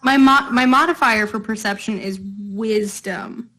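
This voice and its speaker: A woman's voice: fairly high pitch, measured pace, bright, forceful tone. A woman playing a tabletop game, chatty and joking. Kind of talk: casual chat.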